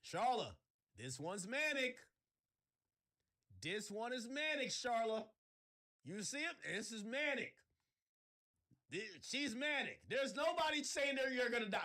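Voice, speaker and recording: A man hosting a livestream, ranting sarcastically in casual chat and breaking into shouts. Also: very high voice, sing-song, a little slow, long pauses. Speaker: livestream host.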